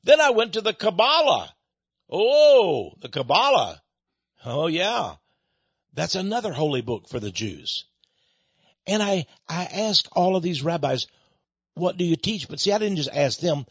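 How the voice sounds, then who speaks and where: A man's voice: sits high, big pitch swings, moderate pace, a bit bright, husky, no room sound, highs cut off. A man hosting a radio talk show, ranting in an angry, emphatic, sarcastic way. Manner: angry, emphatic, sarcastic, rises and drops sharply.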